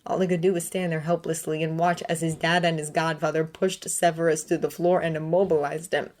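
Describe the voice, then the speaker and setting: A woman reading fan fiction aloud in a measured narrating manner. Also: low voice, flat delivery, a little mellow. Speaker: reader.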